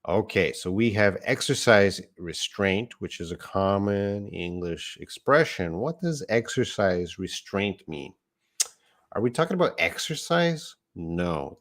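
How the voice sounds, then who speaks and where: A deep-voiced man teaches English live online, going slowly through each word. He sounds middle-aged and patient, and he stops to correct himself before moving on. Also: a bit bright. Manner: patient, explains words step by step, corrects himself.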